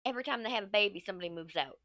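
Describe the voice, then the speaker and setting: Chatty Texan-New York woman, thirties, bright tense voice, dry close sound, casual crafting vlog. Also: mid-range voice, animated, racing, no echo. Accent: mixed Texan and New York. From Texas. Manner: chatty, rambling, swears casually. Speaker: crafting vlogger. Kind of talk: casual chat while crafting. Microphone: mic at desk.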